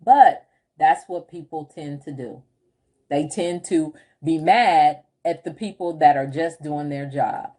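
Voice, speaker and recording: Slow-talking, mellow-voiced woman coach. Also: low voice. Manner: chatty, animated storytelling with frequent laughs. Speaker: group home business coach. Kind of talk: casual livestream talk, reading viewer comments.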